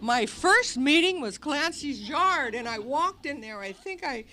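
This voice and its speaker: A bright, clear-toned woman with a fairly high voice tells her recovery story to a live audience. She talks animatedly, acting out her past cries and other people's lines. A faint hiss of room noise sits under the archival live recording. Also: animated, measured pace. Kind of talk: personal recovery talk to an audience. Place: meeting hall.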